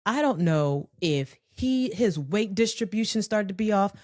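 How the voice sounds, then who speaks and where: A woman telling a personal story in a conversational, animated way, with frequent profanity. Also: medium pitch, unhurried, dry recording, clean studio sound.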